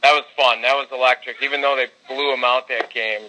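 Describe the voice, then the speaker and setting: A man on a casual sports podcast with a bright, forceful voice, spinning fan stories with loose swearing. He gets worked up recalling big games and talks in an easy, unscripted way. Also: mid-range voice, brisk, slight background noise, rough recording. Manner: storytelling, swearing, excitable when reliving games. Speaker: podcast co-host.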